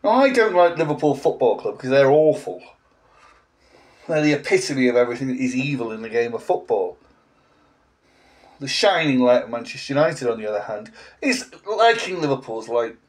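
A man's voice: medium pitch, lively intonation, normal speed, a little mellow. A man in his forties, a language teacher, ranting in a blunt, sarcastic vlog monologue with an English accent. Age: 40s.

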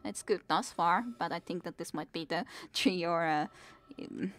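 Woman in her 20s streaming a game, kinda low voice, just chatting w/ chat. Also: moderate pace, a bit bright. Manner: chatty, answers chat between game moments. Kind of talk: casual live-stream chat while gaming.

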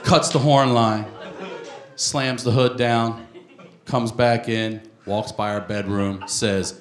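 A male stand-up comedian from the United States, telling a crude, animated story on a comedy club stage into a handheld mic. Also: mid-range voice, slow, a faint crowd. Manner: animated storytelling, crude jokes, bursts into shouted voices. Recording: live club recording, roomy, loud audience laughter.

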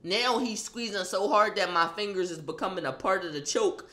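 A young man telling a wild personal story, excitable and profane, acting out a fight with loud sound effects and rambling restarts. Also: high voice, normal speed. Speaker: storyteller vlogger. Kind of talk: animated storytelling.

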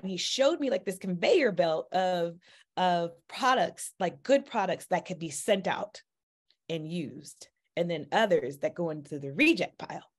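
A woman telling a personal faith story in a chatty, animated way, with sudden jumps in pitch and speed and plenty of "like" and "you know.". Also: unhurried, husky. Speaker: mother sharing a personal testimony. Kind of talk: casual faith testimony storytelling.

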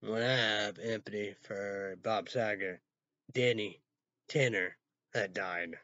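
A man on his own channel, rambling and swearing, swinging from loud outbursts to low mumbles. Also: steady tone, slow pace, no echo. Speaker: vlogger. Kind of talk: rambling solo rant. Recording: dull, muffled lo-fi sound.

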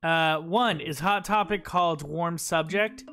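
A man's voice: a little high, measured pace, pushed and bright, faint music behind. A man streaming a video game, chatting playfully and jokingly with his viewers. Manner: playful, jokey, chats to viewers. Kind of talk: casual live-stream chat.

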